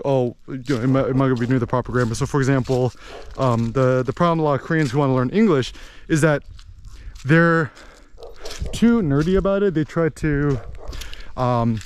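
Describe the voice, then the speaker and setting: An American man talking in a rambling, animated way as he vlogs outdoors in a village, with lots of fillers. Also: on the high side, slight background noise. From United States. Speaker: vlogger. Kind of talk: casual walking vlog monologue.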